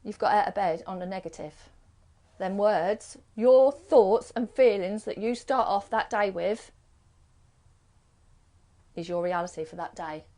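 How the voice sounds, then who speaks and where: A woman's voice: mid-range voice, measured pace, long pauses, warm tone. Chatty British woman, rambling. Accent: British English. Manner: rambling, chatty, piles up rhetorical questions. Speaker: live-stream host and card reader. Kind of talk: casual chat.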